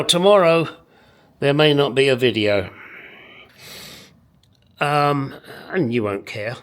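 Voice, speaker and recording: In a home garage workshop, a man restoring a motorcycle gives casual commentary to viewers, muttering to himself and swearing along the way. His voice is medium-pitched with a fairly bright tone.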